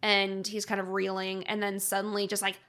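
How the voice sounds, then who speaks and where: A woman's voice: medium pitch, completely flat delivery, a little fast, heavy background noise. A young woman co-hosting a podcast, chatting casually and animatedly, laughing and swearing often. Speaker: podcast co-host. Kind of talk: casual chat.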